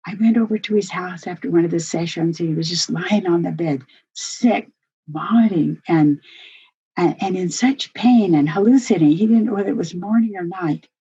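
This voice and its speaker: Older woman with a husky voice. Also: on the low side, normal speed, dark tone. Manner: earnest, heartfelt storytelling. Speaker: family workshop presenter. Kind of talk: personal storytelling talk. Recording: dull lo-fi recording.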